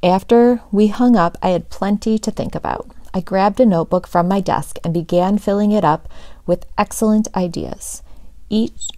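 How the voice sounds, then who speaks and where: A woman teacher reading a children's chapter book aloud in an expressive storytelling manner. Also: mid-range voice, normal speed, no room sound.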